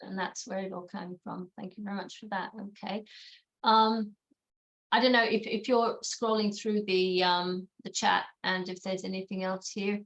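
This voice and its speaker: A woman hosting an interview, speaking in a measured, encouraging way with brief affirmations. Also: medium pitch, little pitch movement, fairly bright tone, lo-fi sound. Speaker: interview host. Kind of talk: casual interview talk.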